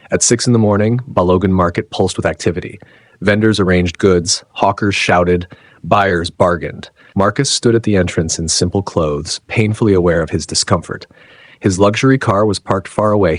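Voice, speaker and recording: A male narrator reads a dramatic story in measured, clipped phrases. His voice is very low with a husky edge, and the recording is close and dry. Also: dry recording.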